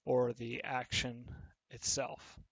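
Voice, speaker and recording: A man teaching an English lesson to children, explaining patiently step by step with pauses and fillers. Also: medium pitch, level tone, vocal fry, husky, no echo, muffled recording. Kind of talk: recorded online English lesson.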